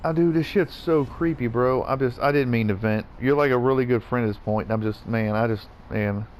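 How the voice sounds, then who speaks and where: A man's voice: medium pitch, brisk. A man venting in a profane, repetitive rant while gaming, with faint background noise.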